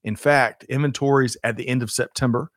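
This man co-hosts a livestreamed supply chain show, keeping the casual chat upbeat and chatty with frequent laughs and fillers. His mid-range voice moves a little fast with fairly even intonation, and the recording is dry and studio quality.

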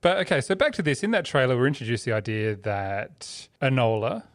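A man's voice: mid-range voice, very animated, brisk, no room sound. A man co-hosting a casual film review chat, talking easily and steering the talk back to the film.

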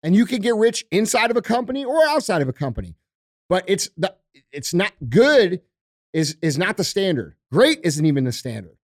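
Brief: middle-aged male podcast host, high voice, blunt swearing rants, dry close sound. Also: very animated, normal speed, no echo. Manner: profane, blunt, emphatic ranting. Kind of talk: casual podcast chat.

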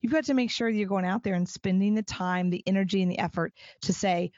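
A woman's voice: medium pitch, brisk, few pauses, no echo, muffled recording. A middle-aged woman hosting a solo podcast, talking energetically and acting out quoted conversations. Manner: energetic, emphatic, acts out quoted dialogue. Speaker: podcast host.

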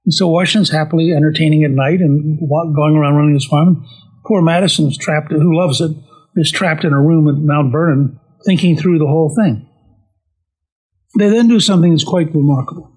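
Husky man telling history. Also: fairly high pitch, a little fast, low-quality recording. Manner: animated, quotes historical figures in brief voices. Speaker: speaker on history. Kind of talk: history storytelling talk.

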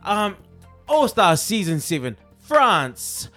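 A man's voice: high voice, very animated, takes it slowly, pushed and bright, soft background music. A man co-hosting a podcast in casual chat, playful and camp, often breaking into laughs. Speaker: podcast co-host.

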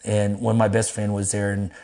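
A middle-aged man, a pastor, telling his life story in an interview in a lively, casual way, acting out quotes in a raised voice and cursing freely. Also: a little fast. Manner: animated, acts out quotes in a high voice, laughs, swears casually.

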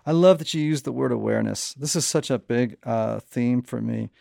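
A man hosting a casual interview, telling stories in an animated way and laughing often. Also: mid-range voice, moderate pace, vocal fry, no echo, studio quality. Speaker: podcast host.

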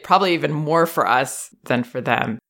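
A woman host giving parenting advice in a calm, measured, reassuring way. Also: low-pitched. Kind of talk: advice consultation.

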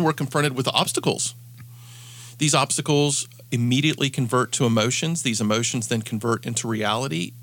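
A man's voice: mid-range voice, a bit bright. A man hosting an advice show as a coach, telling stories earnestly and often restarting his sentences. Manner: earnest storytelling, frequent restarts. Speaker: podcast host and coach.

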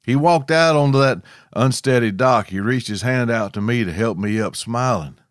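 A man's voice: mid-range voice, normal speed, no room sound. A man from Arkansas, telling a scripted outdoor story with dry, wry humor. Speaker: podcast host.

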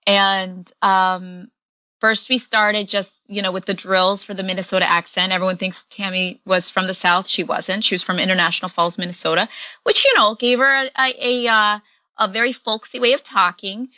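A woman with a bright, clear voice talks casually as an interview guest, filling her sentences with little fillers and easy laughter. The sound is close and dry, with no room around her. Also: mid-range voice, steady tone, normal speed, no echo, dull audio. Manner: chatty, many fillers, laughs often. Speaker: actress guest.

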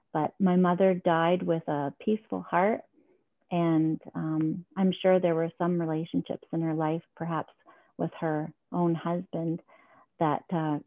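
Woman guest, reflective storyteller, lowish voice, phone-line audio. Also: vocal fry, no echo. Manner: earnest, reflective, heartfelt. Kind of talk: personal storytelling in an interview. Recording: tinny phone-line sound, dry.

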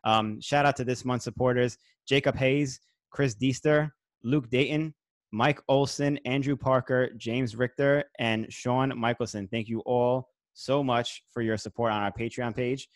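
A man hosting a casual podcast, friendly and upbeat, running through shout-outs and promos. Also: mid-range voice, fairly even intonation, a little slow, no room sound. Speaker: podcast host.

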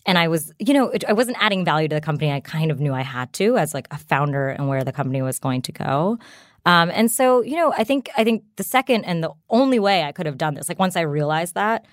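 A woman in her thirties, a startup founder, guests on a casual studio interview in a low-pitched, animated voice, talking fast. She's chatty and full of fillers like "like" and "you know," and the studio-quality audio has no echo.

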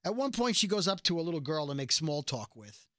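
A man co-hosting a podcast and recapping a TV episode in casual chat, animated and quick to slip into character voices when he quotes. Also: on the high side, no echo, studio quality.

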